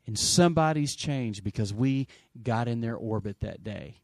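A middle-aged male pastor preaching in an easy, conversational way, often asking the congregation for an amen. His voice sits at an ordinary pitch for a man, and he jumps from loud, pressing emphasis to soft asides. The recording is dry and close, with no room echo. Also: expressive, moderate pace. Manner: asks the congregation for amens. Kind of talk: sermon.

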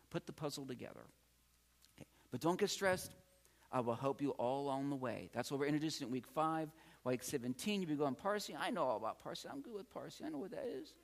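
A man's voice: medium pitch, gravelly. A man giving a patient, encouraging classroom lecture as a Greek teacher, often repeating key words. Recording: long hall reverb.

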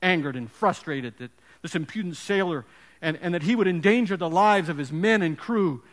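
A man preaching a sermon with an emphatic storytelling delivery and dramatic pauses. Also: sits high, animated, in a large hall. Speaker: pastor.

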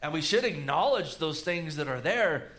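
A man preaching a sermon, swinging between loud emphatic rises and low quiet asides. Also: expressive, moderate pace. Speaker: pastor.

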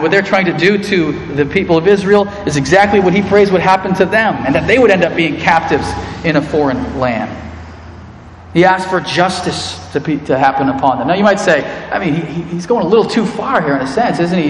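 A man preaching a sermon as pastor, earnest, speaking to the congregation as friends. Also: on the high side. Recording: echoey hall with long reverb.

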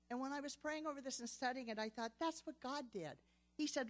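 Older female Bible study teacher, earnest storyteller, slightly high-pitched. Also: quick pace. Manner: earnest, storytelling with quoted dialogue.

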